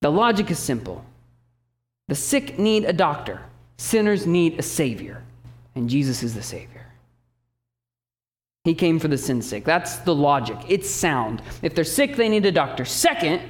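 Animated man preaching a sermon. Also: fairly high pitch, normal speed. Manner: animated, emphatic preaching with teaching asides. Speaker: pastor.

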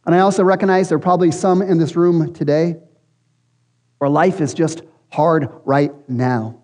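A man's voice: on the high side, fairly even intonation, moderate pace, a little mellow. A man preaching a sermon as pastor to a church congregation, in an earnest, conversational way. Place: church hall. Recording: long hall reverb.

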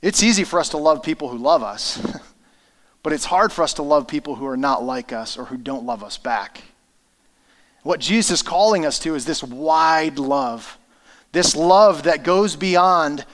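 A man's voice: on the high side, fairly bright tone. A man in his thirties preaching a sermon, telling a personal family story in an earnest, conversational way. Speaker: pastor.

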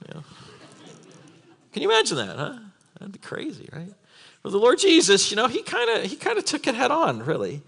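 A man preaching a sermon in a church, animated, with laughing asides and acted-out quotes. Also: medium pitch.

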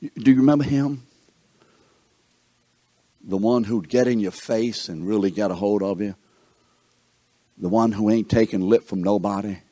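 A man's voice: lowish voice, unhurried, pauses often, no echo. A man teaching a Bible lesson and asking his class questions. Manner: animated, asks the class questions.

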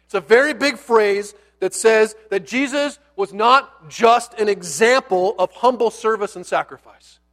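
A male pastor preaching a sermon in a conversational, animated storytelling style with playful asides, dropping to a near hush on key words. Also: high-pitched, measured pace, few pauses.

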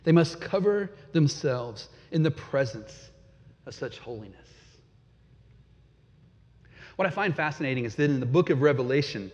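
A man preaching a sermon, dramatic, swinging from loud emphasis to a hush. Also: medium pitch, lively intonation, normal speed, long pauses. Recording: dull, long hall reverb.

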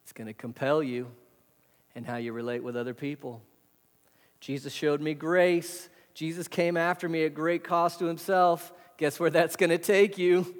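A pastor preaching a sermon in a conversational way, full of rhetorical questions. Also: male voice, a little high, flat delivery, normal speed. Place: church hall. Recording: hall reverb.

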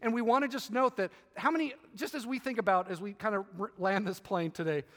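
A man's voice: sits high, brisk, fairly bright tone, in a large hall. A male pastor preaching with passion, repeating key phrases for emphasis. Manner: impassioned, emphatic preaching with repetitions. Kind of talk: sermon.

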